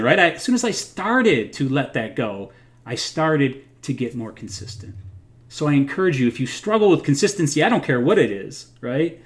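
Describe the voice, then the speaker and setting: A man's voice: mid-range voice, big pitch swings, moderate pace. Earnest man giving encouraging advice. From United States. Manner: earnest, encouraging, with self-deprecating laughs. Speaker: host of a livestream. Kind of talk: casual motivational talk. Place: home.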